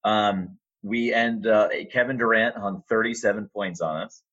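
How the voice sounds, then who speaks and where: A middle-aged man, an arena announcer, telling a relaxed story with fillers in a casual interview. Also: on the low side, measured pace, muffled recording. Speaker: arena announcer and sports media relations staffer.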